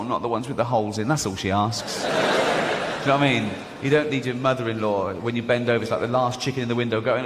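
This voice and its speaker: A man's voice: fairly high pitch, long reverb tail. Man doing rambling stand-up. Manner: chatty, rambling asides, frequent "you know what I mean". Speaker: stand-up comedian. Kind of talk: stand-up comedy routine.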